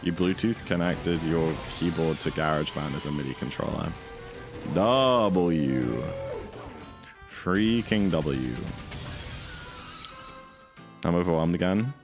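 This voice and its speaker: A young British man chatting casually while streaming a speedrun, rambling with sudden excited outbursts. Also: rumbling low, measured pace, long pauses, music in the background. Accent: British English. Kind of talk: casual livestream chat.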